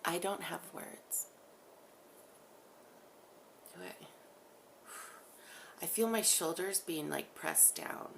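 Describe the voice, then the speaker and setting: A woman chats loosely and giggles as she rambles after a channeling. Her voice sits somewhat low with a gravelly texture. Steady background noise runs under her. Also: takes it slowly, pauses often. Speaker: spiritual channeler. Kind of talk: casual chat after a channeling.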